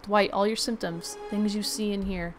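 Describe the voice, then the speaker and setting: A woman voicing a calm young male patient who talks in a steady, reassuring way. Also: medium pitch, normal speed, music in the background, natural voice.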